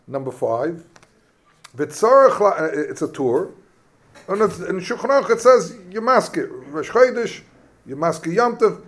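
A man teaches a Talmud class. He talks in a questioning, animated way, firing questions at his students. His tone stays lively throughout. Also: high voice. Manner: questioning, animated, mixes Hebrew and Yiddish terms.

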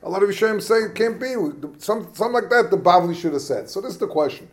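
A man, teaching a lively Talmud class in a questioning, animated way. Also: high-pitched, fast talker. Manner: questioning, animated, mixes Hebrew and Yiddish terms.

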